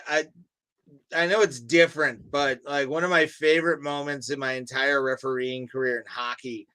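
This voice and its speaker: Bright-voiced animated young man. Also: fairly high pitch. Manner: animated storyteller, swears freely. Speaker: podcast co-host. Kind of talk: casual chat.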